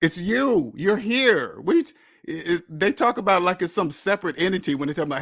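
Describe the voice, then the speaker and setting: Host, male, slightly high voice, blunt lecturing delivery, dry close recording. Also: animated, brisk, fairly bright tone, no room sound. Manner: blunt, lecturing, repeats points for emphasis. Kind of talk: casual monologue.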